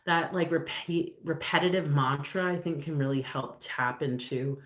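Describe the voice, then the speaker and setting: A woman's voice: low-pitched, normal speed, roomy sound. A woman doing a casual live card reading, musing aloud with lots of fillers and loose, rambling phrasing. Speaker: tarot reader on a livestream.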